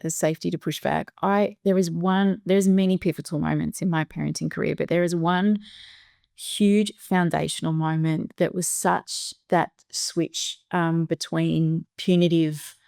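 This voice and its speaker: Middle-aged Australian woman, podcast host, lively storyteller who slips into quoted voices, close and dry sound. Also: deep voice, gravelly, no room sound. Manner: animated, laughs often, acts out quoted voices. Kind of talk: casual conversational storytelling.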